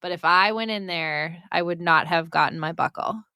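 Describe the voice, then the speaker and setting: Bright-voiced woman podcast co-host. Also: fairly low pitch, moderate pace, clear, resonant tone, dry recording, studio quality. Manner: laughs often, swears casually. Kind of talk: casual chat.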